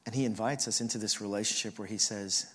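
A man preaching a sermon, telling a family story and acting out the voices of his relatives with lively energy. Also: fairly low pitch, fast talker, slightly rough, in a large hall. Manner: animated storyteller who acts out family voices. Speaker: pastor.

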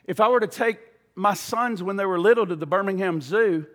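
A man's voice: high voice, fairly quick. Impassioned man preaching in a reverberant hall. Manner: impassioned, swinging from shouting to hushed. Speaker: pastor. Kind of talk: sermon.

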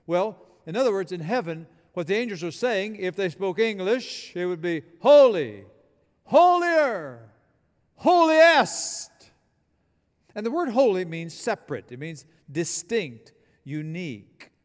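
Male pastor, fervent sermon delivery, higher-pitched voice, reverberant sanctuary. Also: animated, normal speed, darkish tone. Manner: emphatic preaching with call-and-response. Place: church building.

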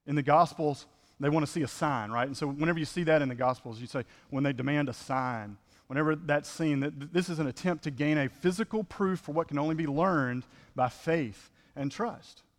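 A man's voice: fairly high pitch, brisk, big-room sound. A man preaching a conversational sermon as pastor, full of rhetorical questions.

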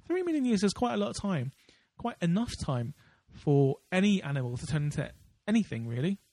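A man's voice: high voice, big pitch swings, brisk, mellow, no room sound. A man co-hosting a podcast in casual chat, rambling with many fillers and restarts. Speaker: podcast co-host.

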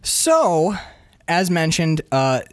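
Comedic female podcast co-host, crude and giggly, animated delivery, dry booth sound. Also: low-pitched, drawn-out words, no room sound. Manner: crude, laughing, jumps into put-on voices. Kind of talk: casual comedic chat with improvised bits.

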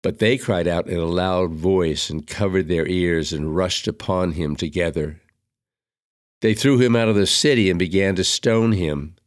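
A man reading the opening prayer and scripture readings of a Mass in a measured, solemn recitation. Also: sits low, no room sound, studio quality. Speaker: liturgical reader.

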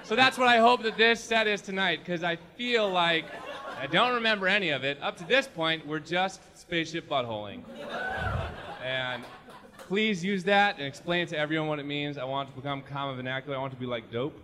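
High-voiced rambling stand-up man. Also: fairly quick, pushed and bright. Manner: rambling, self-mocking, laughing often. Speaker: stand-up comedian. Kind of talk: stand-up set.

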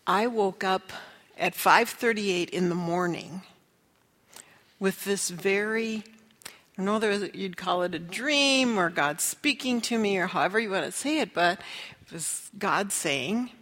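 A middle-aged woman with a mid-range, slightly bright voice speaks a little slowly as she earnestly tells a personal story of faith. She takes on the voices of the people in it, and the sound carries a long hall reverb.

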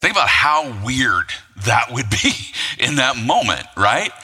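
A man's voice: mid-range voice, big pitch swings, takes it slowly, pushed and bright, breathy edge. A man preaching a sermon as pastor, talking conversationally with rhetorical asides and frequent fillers. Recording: long hall reverb.

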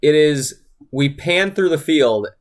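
Fed-up guy ranting through a movie recap, swears a lot, kinda high voice. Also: lively intonation, slow pace. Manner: exasperated, profane, rambling recap. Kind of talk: casual movie review chat.

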